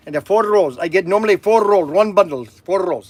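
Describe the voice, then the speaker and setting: Older man, high voice, casual host chat, joking, rambling. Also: fairly quick, few pauses. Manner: rambling, joking, self-interrupting. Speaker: host of a toy shop channel.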